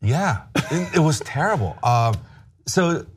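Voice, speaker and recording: A man's voice: fairly high pitch, takes it slowly, husky. A middle-aged American man telling self-mocking stories in a casual chat. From United States. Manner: animated storyteller, self-mocking.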